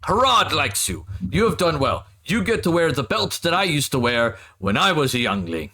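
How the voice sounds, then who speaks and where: Hearty, boisterous male dwarf brawler, raised pitch, done by a game master. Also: sing-song, normal speed, pushed and bright, exaggerated voice.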